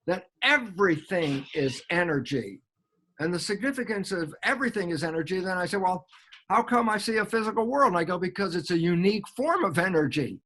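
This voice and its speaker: Older man, high-pitched voice, animated lecture-style explaining, acts out dialogues with himself. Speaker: guest biologist.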